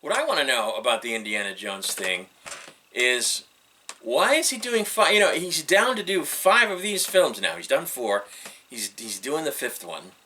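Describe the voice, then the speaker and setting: A man's voice: medium pitch, very animated, moderate pace, sharp tone, a little hiss or hum. A middle-aged man giving casual, rambling solo commentary on entertainment news, wry and skeptical, with frequent ums and uhs.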